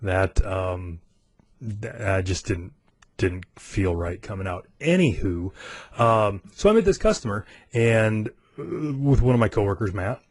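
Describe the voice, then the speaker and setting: A man's voice: fairly low pitch, measured pace, no echo. American guy casually telling a travel story, acts out the voices, dry close sound. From United States. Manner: animated, acts out other people's lines in quoted voices, laughs often. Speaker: podcast host.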